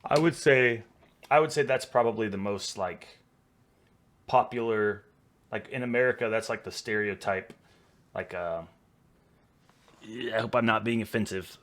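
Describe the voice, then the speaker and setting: A man's voice: fairly low pitch, normal speed, pauses often, fairly bright tone. A Texan man hosting a reaction video, rambling and chatty, a little tipsy. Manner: rambling, chatty, laughs easily. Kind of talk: casual reaction commentary.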